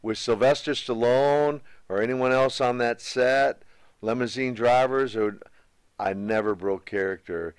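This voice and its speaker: A man sits as the guest in a casual interview and spins long anecdotes at an easy, unhurried pace. His voice sits at an ordinary middle pitch, recorded close and completely dry, with no room sound around it. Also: smooth, dry recording. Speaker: guest, former pro wrestler.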